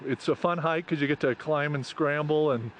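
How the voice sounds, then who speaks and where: A man's voice: fairly high pitch, normal speed, highs cut off, a little hiss or hum. A man chatting in a friendly, talkative way with a TV host on a mountain trail. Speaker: hiker being interviewed. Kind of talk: casual chat.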